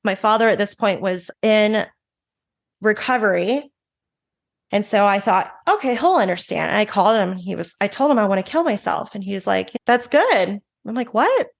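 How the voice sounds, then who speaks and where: A woman's voice: medium pitch, gravelly. Frank woman telling her recovery story. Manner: frank, emotional, fast bursts with restarts. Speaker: guest, recovery advocate. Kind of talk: candid personal storytelling.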